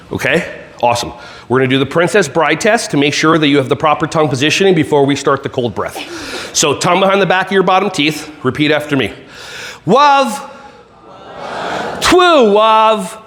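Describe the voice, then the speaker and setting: There's slight background noise as a man with a fairly high, somewhat bright voice gives an energetic motivational keynote from a conference stage. He plays to the live audience with jokes, playful energy, and silly laser sound effects.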